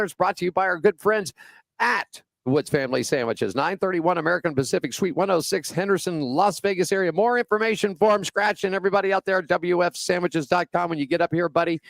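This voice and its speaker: Gravelly folksy man on racing radio. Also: a little high, no echo. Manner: easygoing, folksy, says buddy and man. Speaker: radio show co-host. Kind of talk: casual racing radio talk. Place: Las Vegas area.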